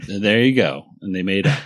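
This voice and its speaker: Low-voiced man hosting a podcast. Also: expressive, normal speed, fairly bright tone, dry recording, studio quality. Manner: easygoing, leads the segment and jokes. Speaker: podcast host. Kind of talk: casual podcast chat.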